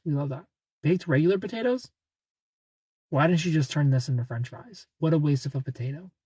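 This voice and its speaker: A man's voice: on the high side, mellow, slightly rough, no room sound. A man from Ohio hosting a live stream, chatting casually, greeting viewers by name and laughing often.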